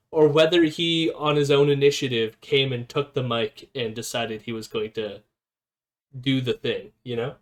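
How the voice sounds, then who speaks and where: A man hosting a casual live stream, reading an article aloud and commenting with fillers and self-corrections. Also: medium pitch. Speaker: streamer host.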